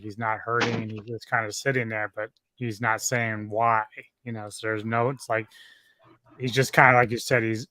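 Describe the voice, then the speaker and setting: A man's voice: mid-range voice, sharp tone, dry recording. A man, a podcast guest, chattily recapping film scenes in casual, profane talk. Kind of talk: casual movie discussion.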